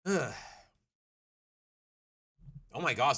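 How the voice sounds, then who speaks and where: A man's voice: mid-range voice, sing-song, a little slow, a bit bright, slightly rough. Rambling, chatty male streamer. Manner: rambling, chatty, restarts sentences. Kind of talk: casual game commentary. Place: home. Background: game music.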